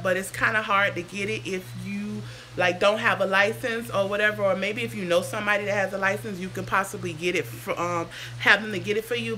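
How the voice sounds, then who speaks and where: Woman, sick, chatty livestream host, bright voice, faint background hiss. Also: mid-range voice. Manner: chatty, sidetracked, answers comments aloud. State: sick, sounds under the weather. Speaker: hair vlogger on a livestream. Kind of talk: casual livestream chat reading viewer comments.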